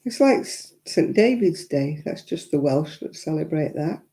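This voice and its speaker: A frank, chatty Englishwoman hosts a live crafting stream, answering her viewers' comments as she goes. Her voice is very dark and mellow. She laughs easily and speaks her mind. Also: sits low, animated, unhurried. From England. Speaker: crafting livestream host. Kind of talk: chatty livestream talk.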